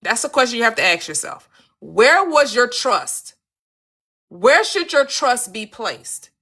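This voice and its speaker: Bright, animated woman coaching live. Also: on the high side, measured pace. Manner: animated, repeats questions for emphasis, acts out quotes; addresses viewers by name. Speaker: manifestation coach and host. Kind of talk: live-stream teaching chat.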